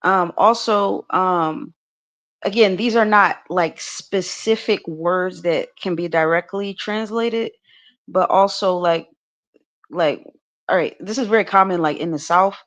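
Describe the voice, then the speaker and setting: Taking her time, an American woman with a lowish, slightly bright voice talks loosely on a podcast panel during a livestream discussion. She laughs often and wanders through her thoughts with lots of fillers and restarts.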